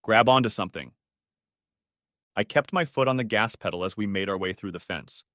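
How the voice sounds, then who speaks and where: A man reading a first-person audiobook story in a steady storytelling manner. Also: fairly low pitch, fast talker, no room sound, clean studio sound. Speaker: narrator. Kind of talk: scripted audiobook narration.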